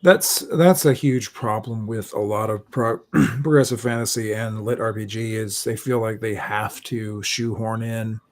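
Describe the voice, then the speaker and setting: A man in a casual book club chat, talking in an analytical way and clearing his throat often. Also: lowish voice, steady tone, a little slow, hardly any pauses.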